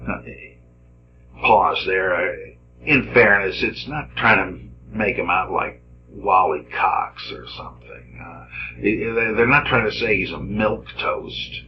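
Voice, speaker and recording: A man's voice: lowish voice, unhurried. Wry lecturing man, dull lo-fi sound. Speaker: Bible scholar lecturer. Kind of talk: Bible study lecture.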